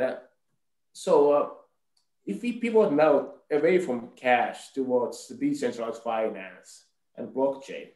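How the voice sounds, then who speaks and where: A man's voice: mid-range voice, darkish tone, roomy sound, poor audio. A man who is a finance professor, moderating a panel in a playful way, often repeating words.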